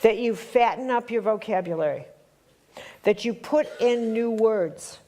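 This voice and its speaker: A woman's voice: a little high, measured pace, mellow. A woman leading a spiritual workshop who talks conversationally and teases the live group as she quizzes them. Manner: conversational and teasing, quizzing the audience. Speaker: workshop leader.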